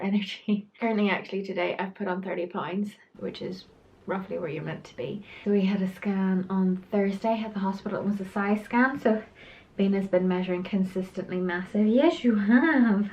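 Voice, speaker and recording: A woman talks in a relaxed, chatty vlog at a mid pitch. She sounds short of breath and keeps apologizing, with sighs and small laughs between her words. The recording is a little dull and lo-fi. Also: fairly quick. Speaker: vlogger.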